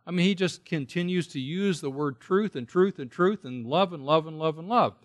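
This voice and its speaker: A man's voice: fairly high pitch, moderate pace. A man preaching an expository Bible sermon, explaining Greek words and stressing his points through repetition and questions to his listeners. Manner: emphatic, repeats key words for stress.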